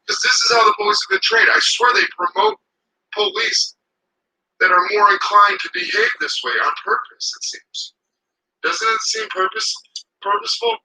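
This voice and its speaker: A man's voice: very high voice, wildly swooping pitch, moderate pace, vocal fry, pushed and bright, husky, poor audio. A man ranting casually to camera outdoors. He swears a lot and rambles heatedly.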